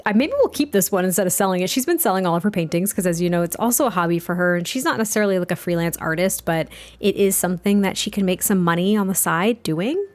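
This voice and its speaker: A woman's voice: lowish voice, expressive, fast talker. A woman hosting a let's play, chatting and giggling as she narrates a life-sim game story. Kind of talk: casual game commentary and storytelling.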